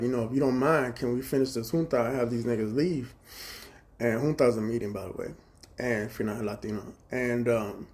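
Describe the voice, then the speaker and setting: A man's voice: mid-range voice, darkish tone. A man from Chicago on a phone livestream, telling a long story in a rambling, profane way and acting out both sides of each exchange. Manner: profane, fast-shifting, quotes others in dialogue. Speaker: livestream host.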